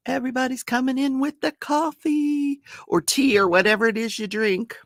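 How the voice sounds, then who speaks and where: A woman's voice: high voice, moderate pace, hardly any pauses, no room sound, clean studio sound. An older woman hosting a casual home livestream, chatting and laughing as she greets viewers by name. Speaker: livestream host.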